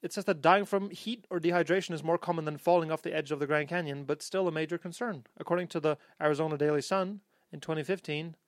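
A man's voice: on the high side, quick pace, hardly any pauses, dry recording, clean studio sound. A man hosting a casual podcast chat, joking around and reading short excerpts aloud. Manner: reads excerpts aloud, jokey. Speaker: podcast host.

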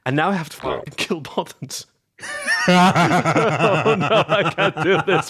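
Man, podcast co-host, slightly high voice, playful, jokey tangents. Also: unhurried, fairly bright tone, husky, no room sound, studio quality. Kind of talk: casual chat.

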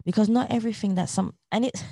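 A woman speaks as an interview guest in an earnest, motivational way, circling back to the same phrases. Her voice is dark and mellow with a gravelly edge. The sound is close and dry, with no room around it. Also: mid-range voice, fast talker, no echo. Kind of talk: reflective interview talk.

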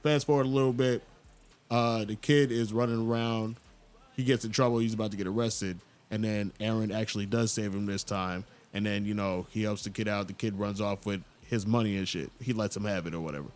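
A man hosting a casual podcast, retelling an anime scene in an animated, storytelling way. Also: fairly quick. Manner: animated storyteller, jumps into loud high voices for quoted characters. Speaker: podcast host.

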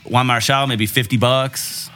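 A man's voice: medium pitch, fairly even intonation, measured pace, bright, forceful tone, soft background music. A man in casual chat about baseball card collecting, explaining at length with many restarts.

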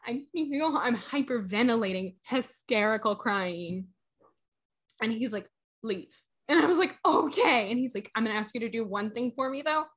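Young woman spilling a story, super animated, voice a bit higher than most. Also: normal speed. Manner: animated, dramatic retelling with acted quotes. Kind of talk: casual storytelling chat.

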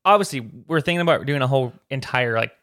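A man with a mid-range voice co-hosts a podcast in easygoing, conversational chat. He talks in a relaxed back-and-forth way. The recording is dry and close. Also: mid-range voice, fast, dry recording. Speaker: podcast co-host. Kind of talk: casual chat.

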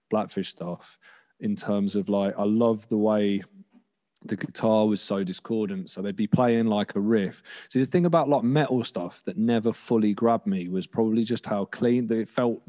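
A man talks in a low, dark and mellow voice. He rambles loosely through his story, restarting sentences and swearing casually as he chats on a podcast. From England. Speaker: podcast guest musician. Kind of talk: casual chat.

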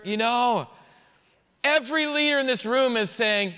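A man, a pastor, preaching a sermon in a conversational, jokey, animated way. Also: very high-pitched, measured pace, clear, resonant tone, in a large hall.

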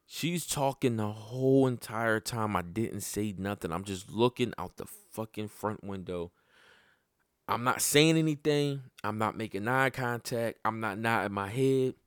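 A man's voice: measured pace, no room sound, studio quality. Blunt, profane man telling a story. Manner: profane, blunt, conversational; voice climbs high and loud when worked up. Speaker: father telling a personal story. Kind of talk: casual storytelling to camera.

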